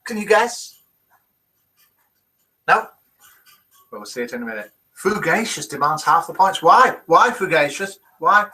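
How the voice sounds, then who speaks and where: A man's voice: a little high, lively intonation, unhurried, long pauses, pushed and bright, poor audio. An older man hosts a live webcast quiz and reads out viewers' comments in a chatty way. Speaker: host of a live daily quiz and chat show. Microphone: desk microphone.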